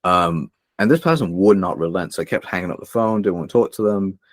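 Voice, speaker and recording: A man's voice: low voice, a little fast, dry recording, studio quality. A young man speaking as a podcast guest, telling candid personal stories in an earnest, emotional way, with many fillers and restarts. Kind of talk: candid personal storytelling in a conversation.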